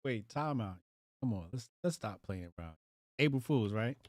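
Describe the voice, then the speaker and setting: Animated slangy man reacting to news. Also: mid-range voice, normal speed, dry recording, clean studio sound. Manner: loose slangy talk, reacting aloud while reading headlines. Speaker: livestream host. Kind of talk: casual live-stream commentary.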